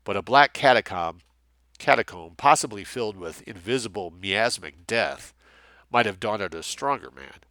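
A man narrating a thriller novel with a lot of lift and fall in his voice. His low voice has a bright edge. The recording is close and dry. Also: expressive, normal speed, dry recording. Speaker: audiobook narrator. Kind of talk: scripted narration.

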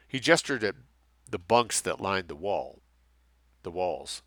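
A man narrating a thriller novel with a lot of lift and fall in his voice. His low voice has a bright edge. The recording is close and dry. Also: expressive, moderate pace, no echo. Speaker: audiobook narrator. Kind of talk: scripted narration.

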